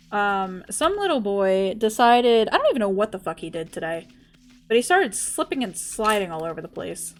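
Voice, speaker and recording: A woman streaming a game live, chatting casually, laughing often and cooing at her dog. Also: medium pitch. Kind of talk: casual livestream chat.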